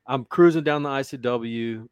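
A man's voice: mid-range voice, normal speed, clear, resonant tone, no echo. A man co-hosting a podcast, casual chat, telling stories in a laid-back way and swearing freely. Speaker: podcast co-host.

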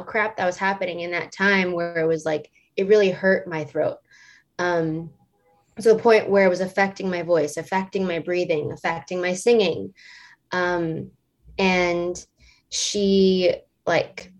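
Chatty woman in her late twenties. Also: medium pitch. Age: late 20s. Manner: chatty, rambling storytelling full of "like" and "um". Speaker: singer and stage performer guest. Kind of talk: casual interview chat.

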